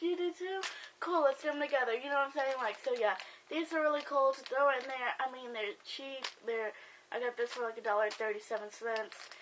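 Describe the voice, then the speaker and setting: A young woman talks through a casual vlog with a slightly high voice. She rambles loosely and fills her pauses with "um" and "like." Faint background noise sits under the recording. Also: a bit bright, rough recording. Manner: chatty, rambling, lots of "um" and "like". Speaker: beauty vlogger. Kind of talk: casual gift-idea vlog.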